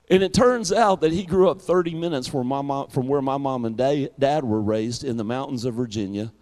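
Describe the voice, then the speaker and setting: A man's voice: mid-range voice, fairly quick, few pauses, a little mellow. A middle-aged man with a Southern American accent, a pastor introducing a guest with a folksy story. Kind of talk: church introduction.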